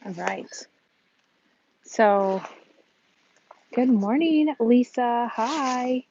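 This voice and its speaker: A chatty woman with a Midwestern American accent talks slowly and easily on a live stream from a harbor. She greets her viewers by name and laughs between thoughts. The phone audio sounds a little dull, with a faint hiss behind her. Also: fairly high pitch, lively intonation, warm tone. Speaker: vlogger hosting a live stream. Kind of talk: casual live-stream chat. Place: outdoors by a harbor.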